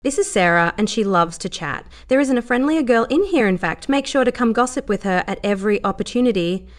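A woman's voice: medium pitch, expressive, moderate pace, natural voice. A woman voicing a level-headed young dancer, dry and sometimes sarcastic. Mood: firm.

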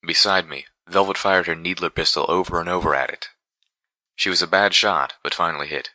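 A man narrating first-person fiction in a measured, dramatic storytelling manner. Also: low-pitched, fairly even intonation, sharp tone, dry recording. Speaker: audiobook narrator.

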